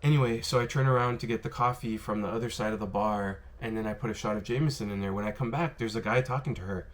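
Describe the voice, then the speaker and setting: A man casually telling stories to the camera about his bartending days, rambling and filling pauses with "um" and "you know". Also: lowish voice. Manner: rambling, filler-heavy, lots of "you know" and "um". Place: worked in Las Vegas.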